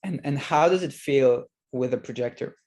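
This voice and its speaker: Host, man, gravelly mid voice, feels his way through questions. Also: medium pitch, moderate pace, darkish tone. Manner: hesitant, searching questions. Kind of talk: casual conversation.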